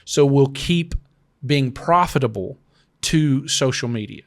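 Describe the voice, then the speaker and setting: A man's voice: medium pitch, unhurried. Earnest man giving advice on a podcast. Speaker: podcast co-host. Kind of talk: casual podcast discussion.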